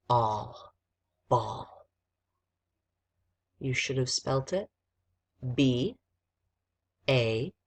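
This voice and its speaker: A woman teacher giving a recorded spelling lesson to young students, dictating slowly and sounding out letters one at a time. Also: rumbling low, a little mellow, breathy edge.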